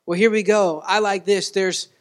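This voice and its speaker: A man's voice: high-pitched, fairly even intonation, moderate pace. A man preaching a sermon as pastor, in a conversational way, repeating words and asking the congregation questions.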